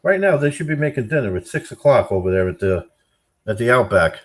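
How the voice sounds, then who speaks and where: Brief: brash mocking man, mid-pitched, profane, jumps up loud when ranting. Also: very animated, brisk. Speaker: streamer reacting to chat. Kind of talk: casual profane banter.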